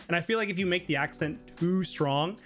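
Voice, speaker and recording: A man hosting a live teaching stream talks through his points in a loose, chatty way, leaning on lots of filler words. His voice sits a little on the high side. Faint music plays behind him. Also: brisk, fairly bright tone. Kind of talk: casual live Q&A explanation. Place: living in Japan.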